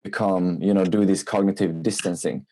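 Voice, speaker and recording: A man's voice: low-pitched, steady tone, normal speed, dark tone, a little hiss or hum. A man taking part in an online class, thinking aloud with many fillers as he asks a question over a video call. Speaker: webinar participant.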